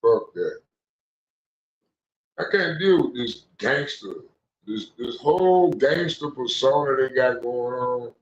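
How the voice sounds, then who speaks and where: A man's voice: medium pitch, unhurried. A young man hosting a casual call-in stream, talking in loose, profane, preachy rants. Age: young adult. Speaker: stream host. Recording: echoey, dull lo-fi room sound.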